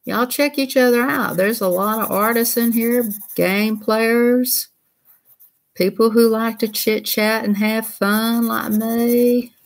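A woman's voice: on the high side, steady tone, slow pace. A woman hosting a casual livestream. She talks in a folksy, chatty way and laughs easily. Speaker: livestream host.

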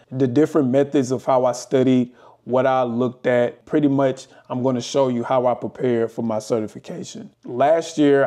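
A young adult man talking casually to camera and walking through his study experience with plenty of fillers. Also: medium pitch. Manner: relaxed, conversational, many fillers. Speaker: vlogger. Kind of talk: casual talking-head explainer.

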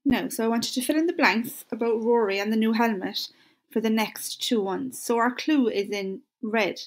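A woman with an Irish accent teaching a recorded lesson to schoolchildren, speaking in an encouraging way and slowly repeating phrases for them to say along. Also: fairly high pitch.

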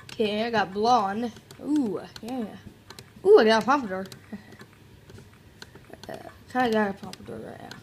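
A woman's voice: mid-range voice, moderate pace, long pauses, slight background noise. A woman doing casual let's-play commentary, joking around and reading on-screen tutorial text aloud. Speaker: gameplay commentator.

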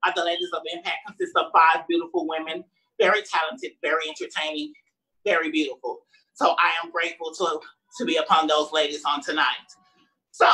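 A woman's voice: low voice, fairly quick, pushed and bright, poor audio. A woman hosting a live-streamed event, bantering playfully and sassily with the crowd as she welcomes everyone and introduces the performers. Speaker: emcee of a live-streamed show.

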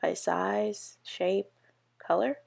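A woman's voice: mid-range voice, steady tone, drawn-out words, creaky, a little mellow, heavily acted. Woman reading as a helpful young boy. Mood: matter-of-fact.

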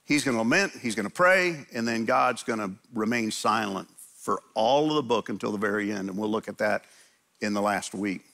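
Man, middle-aged, pastor, conversational sermon, animated storytelling, bright forceful tone, gravelly. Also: lowish voice, normal speed. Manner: animated storytelling, acts out quotes. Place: church sanctuary.

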